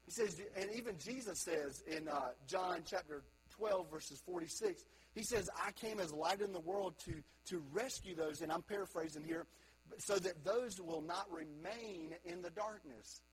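A man preaching a sermon to a congregation, moving between quiet reflective stretches and loud emphatic calls to young people. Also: high-pitched, unhurried, breathy edge, low-quality recording. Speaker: pastor.

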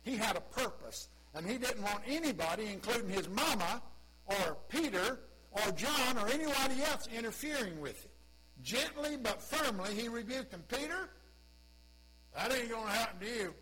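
A man's voice: very high-pitched, expressive, normal speed, sharp tone, slightly rough, rough recording. A male pastor preaching a sermon in a folksy, conversational way with humorous asides.

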